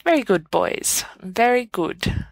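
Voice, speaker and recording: A woman voicing a blissful elderly male headmaster who booms out festive ho-ho-hos. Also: lively intonation, moderate pace, dry recording. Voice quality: warbling Father Christmas ho-ho delivery.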